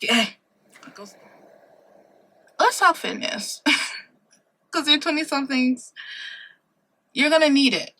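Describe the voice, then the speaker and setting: Chatty, bright-voiced woman vlogger in her twenties. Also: sits high, animated, takes it slowly, pauses often. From Ohio, USA. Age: 20s. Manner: chatty and dramatic, laughs often, teasing. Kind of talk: casual chat to camera. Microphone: compact camera mic.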